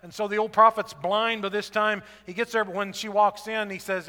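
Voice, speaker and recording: A male preacher telling a Bible story in a conversational, animated way, full of rhetorical asides. His voice is high and bright. The sound rings with a long reverb, as in a large hall. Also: normal speed, few pauses. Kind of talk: sermon.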